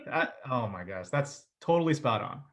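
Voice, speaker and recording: A man hosting an interview over a video call, asking questions and reacting with quick exclamations. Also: medium pitch, animated, a bit bright. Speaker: interview host.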